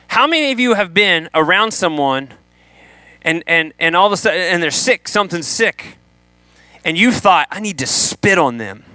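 High, bright-voiced animated male preacher. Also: dry recording. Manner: animated, acts out quoted voices. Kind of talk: sermon.

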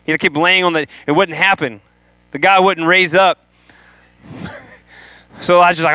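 High, bright-voiced animated male preacher. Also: normal speed, long pauses, smooth, no room sound. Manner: animated, acts out quoted voices. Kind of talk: sermon.

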